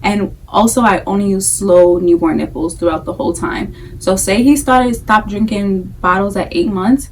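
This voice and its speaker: A young woman chatting candidly to her camera, talking in an easy, everyday way. She loops back and repeats phrases to drive a point home. Her voice sits at an ordinary pitch and sounds like it was picked up from a little way off the mic. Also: moderate pace, few pauses, far from the mic, a little hiss or hum, low-quality recording. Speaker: vlogger, breastfeeding mom. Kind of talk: casual chat to camera.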